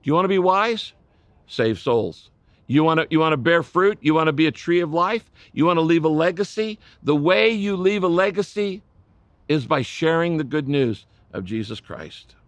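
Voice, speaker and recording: A man's voice: a little high, animated, normal speed, dry recording. An older man preaching a sermon as a pastor, passionate, often swelling in volume and pleading.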